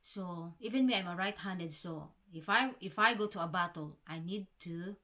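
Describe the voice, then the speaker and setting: A woman's voice: on the low side, moderate pace, pushed and bright. A woman from the Philippines chatting casually to camera as a vlogger, calling her viewers guys and often restarting words. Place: home in the Scottish Highlands.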